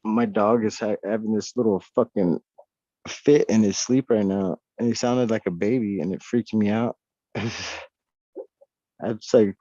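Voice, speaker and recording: A man's voice: on the low side, fairly even intonation, measured pace, warm tone, no echo. Rambling, profane man on a lo-fi call. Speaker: podcast guest. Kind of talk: casual chat. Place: off-grid homestead at night.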